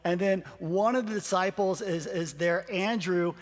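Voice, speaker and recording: A pastor with a high voice introduces the sermon, acting out quoted lines with animation. A long reverb trails his words, as in a big hall. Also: a little slow.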